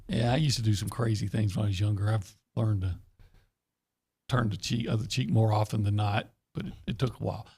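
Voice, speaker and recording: A man co-hosting a sports radio show, a former reporter speaking in a measured, considered way. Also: lowish voice, fairly even intonation, creaky, darkish tone, breathy edge. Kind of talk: casual sports radio chat.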